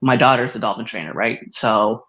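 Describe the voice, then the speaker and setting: A man co-hosting a podcast, telling a story in casual chat with frequent laughter and excited jumps in voice. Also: brisk, lo-fi sound. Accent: Massachusetts. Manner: animated storyteller, laughs often, swings high when excited. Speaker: podcast co-host.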